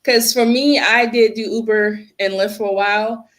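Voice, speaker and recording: Woman in her 30s on a podcast, storytelling, mid pitch, lots of quoting voices. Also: moderate pace. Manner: animated storytelling with acted-out quotes. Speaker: podcast guest. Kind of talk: casual chat.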